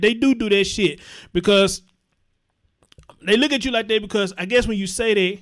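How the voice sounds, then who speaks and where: A man's voice: high-pitched, moderate pace, long pauses, a bit bright. A man hosting a live commentary show, reading chat comments aloud and reacting bluntly, with lots of profanity and repetition for emphasis. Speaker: host.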